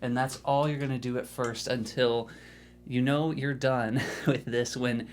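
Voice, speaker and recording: A man gives an easygoing drum lesson and keeps checking in with the listener. His voice sits at a middling pitch. Drums and soft music play in the background. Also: steady tone, unhurried. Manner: casual, encouraging, repeats "okay?" to check in. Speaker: drum teacher. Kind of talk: instructional video lesson.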